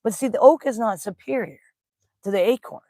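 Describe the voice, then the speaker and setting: Briskly and in a mellow, medium-pitched voice, a spiritual teacher tells stories during a relaxed live-streamed talk, using folksy slang, laughing readily, and welcoming chat viewers. The recording is dry and of studio quality.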